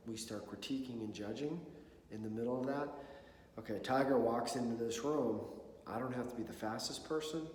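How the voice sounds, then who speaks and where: A man's voice: mid-range voice, normal speed, a little mellow. A man giving a conversational talk to an audience on mental preparedness, often checking in with "okay?" and "right?". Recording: echoey hall with long reverb.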